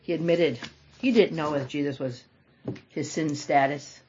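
Animated woman teaching a Bible lesson. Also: low-pitched, normal speed, slight background noise. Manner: animated and expressive, reads scripture aloud with dramatic emphasis. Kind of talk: Bible lesson to a small group. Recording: dull lo-fi recording.

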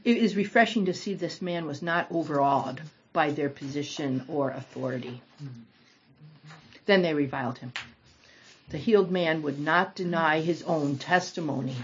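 A woman leading a small-group Bible study, reading scripture aloud and commenting with animated, dramatic emphasis. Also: low-pitched, moderate pace, a little hiss or hum. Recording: dull lo-fi recording.

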